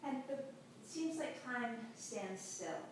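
A woman pastor giving a sermon, telling a story in a slow, measured way with long pauses. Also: fairly high pitch, expressive. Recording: very echoey hall, distant mic, faint noise.

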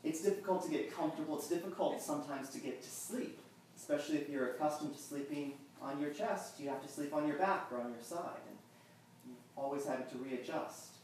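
A man preaching a sermon in a conversational, self-deprecating way, pausing and restarting his sentences. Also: fairly high pitch, darkish tone, a little hiss or hum. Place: large echoing church. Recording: echoey church from a distance.

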